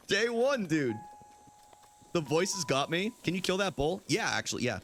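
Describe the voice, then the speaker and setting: A man's voice: moderate pace, a little hiss or hum. A young man streaming a game live, chatting casually and goofily with his viewers. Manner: goofy, banters with chat, animated swings in pitch. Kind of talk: casual live gameplay chat.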